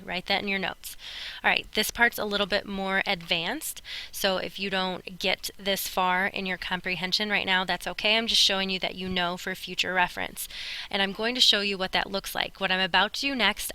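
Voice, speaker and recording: Woman teacher doing a recorded lesson, bright clear voice, patient, tells kids what to write down. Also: medium pitch, fairly even intonation, normal speed, rough recording. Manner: clear, patient explaining to students. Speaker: Spanish teacher.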